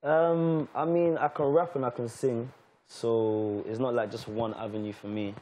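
A man's voice: medium pitch, fairly even intonation, normal speed, warm tone. A man with a London accent, a guest musician chatting casually in an interview, laid-back and hesitant with many fillers. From Nigeria.

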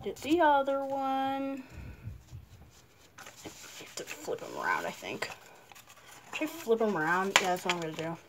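A woman's voice: a little high, big pitch swings, measured pace, long pauses, noisy background. A woman hosting a casual paper-craft tutorial at home, chatty and playful, with rambling asides. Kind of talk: casual how-to narration.

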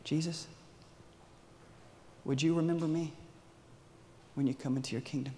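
A humble condemned man asks softly and haltingly for mercy, as a preacher voices him. The quiet voice hangs in the long reverb of a large hall. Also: on the high side, fairly even intonation, a little hiss or hum, voice pushed up, lightly acted. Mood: pleading. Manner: quiet, hesitant, pleading. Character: humble repentant male criminal on a cross.

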